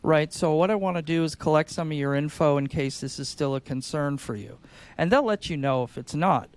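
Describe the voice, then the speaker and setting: A man co-hosting a podcast, explaining sales tactics in an energetic, conversational way and acting out sing-song phone calls. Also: on the high side, a little fast.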